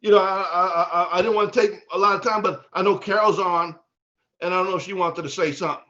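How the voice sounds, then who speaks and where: High-voiced fervent man on a video call. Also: fairly even intonation, fast talker, lo-fi sound. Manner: fervent preacher-like, builds to shouting. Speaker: business leader speaking to team. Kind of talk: motivational pep talk.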